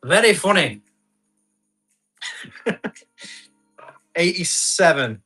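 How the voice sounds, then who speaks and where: A man with a bright, forceful voice that sits a little high. He chats loosely while running a live auction, reading out numbers and comments and laughing easily. Faint music plays behind him. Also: sing-song, drawn-out words, husky. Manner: chatty, laughs often, reads out bids and comments. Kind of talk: casual live-stream selling chat.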